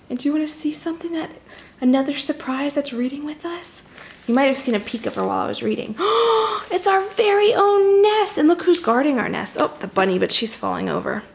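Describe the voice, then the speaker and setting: Read this like you're a young woman sharing a storybook with kids: keep your voice high, let a little gravel sit in it, and break off now and then to chat with them. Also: moderate pace, slight background noise. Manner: animated, chatty asides to young listeners. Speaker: children's storybook reader. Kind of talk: reading a picture book aloud to kids.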